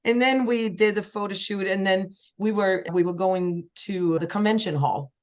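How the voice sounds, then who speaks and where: A woman from Sweden, a singer-songwriter guest telling lively stories in a casual podcast chat. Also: moderate pace. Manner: lively storyteller, acts out quoted voices with big pitch jumps.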